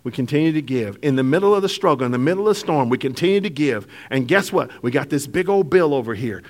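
A man preaching a sermon to a congregation, shifting between hushed, drawn-out lines and loud, laughing bursts. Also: fairly high pitch. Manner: animated preaching, swings from hushed to shouting, laughs often. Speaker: pastor.

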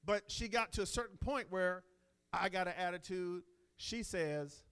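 A middle-aged man preaching a sermon in a conversational way, moving between quiet asides and loud, emphatic lines. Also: high-pitched, measured pace, clear, resonant tone. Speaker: pastor.

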